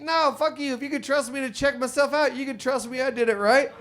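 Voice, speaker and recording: A man performing a crude stand-up comedy set on a club stage, telling ornery stories with sudden loud outbursts. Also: very high-pitched, fairly quick, hardly any pauses.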